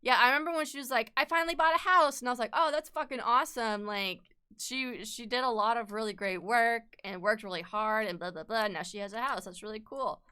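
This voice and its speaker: A woman's voice: medium pitch, a little fast, bright, forceful tone, clear, resonant tone. A young woman streaming while she draws, rambling in casual chat, swearing freely and laughing often.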